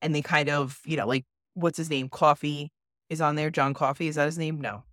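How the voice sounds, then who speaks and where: A woman co-hosting a casual podcast chat, telling a ghost story in an animated way with plenty of swearing. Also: low voice, fairly quick, dry recording, studio quality. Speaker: podcast co-host.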